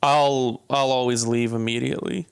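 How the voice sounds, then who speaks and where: A male comedian with a smooth, clear voice of middling pitch, chatting as a podcast guest. His speech is laid-back and loose, packed with fillers and casual swearing. He sounds easygoing and unhurried. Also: steady tone.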